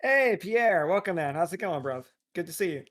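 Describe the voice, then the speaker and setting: A man's voice: high-pitched, lively intonation, normal speed, a bit bright. Stammering, laughing male streamer. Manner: stammering, restarts, bursts of laughter. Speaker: streamer host. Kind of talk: casual chat on a live stream.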